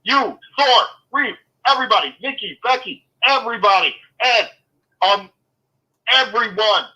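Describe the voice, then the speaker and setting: A man's voice: sits high, measured pace, sharp tone, muffled recording. A man talking football as a guest, ranting in a fired-up way, swearing and then apologizing. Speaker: guest fan. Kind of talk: casual sports chat.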